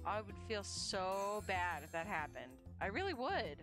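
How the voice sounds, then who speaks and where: Brief: young woman streamer, lively pitch, casual and swearing. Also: a little slow, over music. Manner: chatty, swearing, laughs, reads game lines aloud. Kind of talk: casual gameplay chat.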